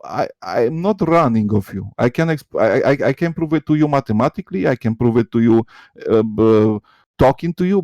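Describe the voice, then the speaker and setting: Casting: non-native English-speaking man, mellow tone, dry close mic, excited and stammering. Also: mid-range voice, no room sound. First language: not English. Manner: excited, stammering, repeats words. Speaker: debate guest. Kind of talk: live online debate.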